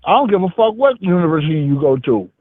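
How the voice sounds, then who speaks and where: A man's voice: sits high, very animated, fast talker. Blunt man from Mississippi on a tinny phone line. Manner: blunt, profane, street slang. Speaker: phone-in guest. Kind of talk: casual chat.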